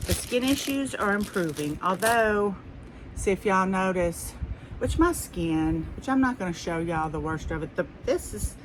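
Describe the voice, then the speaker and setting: A woman's voice: medium pitch, lively intonation, a little slow, noisy background. A middle-aged woman with a Southern US accent, chatting casually and rambling through a haul video for her viewers. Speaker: haul vlogger.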